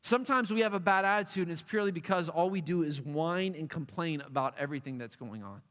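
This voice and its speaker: A high-voiced man preaches to a room of young people, playful and animated as he acts out whining voices. His words ring out with a long hall reverb. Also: quick pace. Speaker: youth pastor. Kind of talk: youth sermon.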